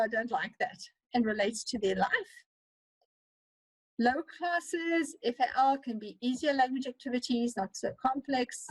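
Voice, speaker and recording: South African female lecturer, higher voice, rapid animated online teaching. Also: no room sound, poor audio. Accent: South African English. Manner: fast-talking, animated, with many fillers. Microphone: computer mic on a video call.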